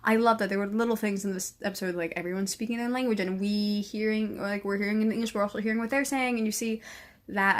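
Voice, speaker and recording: Woman, higher voice, teary, gushing casual review, swears, trails into whispers. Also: steady tone, a little fast. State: teary from crying. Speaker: show reviewer.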